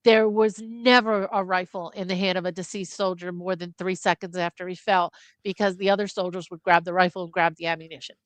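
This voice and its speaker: Woman, casual film chat, matter-of-fact, explanatory, low pitch. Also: steady tone, a little fast, no echo. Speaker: podcast co-host.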